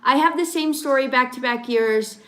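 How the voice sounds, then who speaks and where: A high-pitched woman chatting on a casual live stream from her rural home. She talks in an easy, rambling way and breaks into laughter often as she reacts to viewers' comments. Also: normal speed, a bit bright. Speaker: livestream host. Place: home in rural western Mexico.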